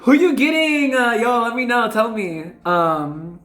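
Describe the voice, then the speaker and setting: A woman giving an intuitive card reading to viewers, chatty and excitable, often trailing off and correcting herself mid-thought. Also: fairly high pitch, unhurried. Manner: addresses viewers casually as y'all. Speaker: tarot reader. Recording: echoey room with faint music.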